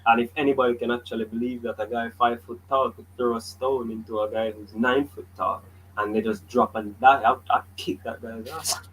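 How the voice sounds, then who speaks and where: A man's voice: medium pitch, steady tone, a little fast, fairly bright tone, poor audio. Jamaican guy co-hosting a footy podcast, blunt and jokey, some faint hiss behind him. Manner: blunt, opinionated, joking. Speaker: podcast co-host. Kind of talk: casual sports chat. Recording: faint background noise.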